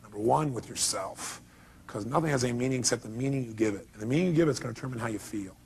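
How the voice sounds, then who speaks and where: A man's voice: medium pitch, very fast, a little hiss or hum. A middle-aged man giving a motivational seminar talk, emphatic and quizzing the audience with questions. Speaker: motivational speaker.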